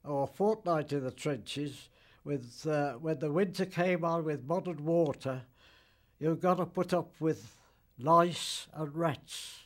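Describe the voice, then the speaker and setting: A man in his nineties, a veteran, recounting memories in an interview, halting and plain-spoken with dialect grammar. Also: on the high side. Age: 90s. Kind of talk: recollection interview.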